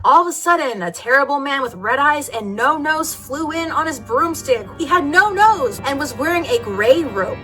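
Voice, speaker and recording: A woman's voice: high-pitched, pushed and bright. A woman reading a fanfic aloud for comedy, playing it over the top and now and then laughing at the text. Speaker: reader.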